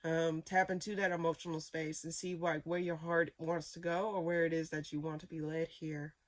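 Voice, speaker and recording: Lady doing a chill tarot reading, kinda low voice, lots of likes and restarts. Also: level tone, normal speed. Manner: rambling, many fillers and restarts; repeats phrases for emphasis. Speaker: tarot reader.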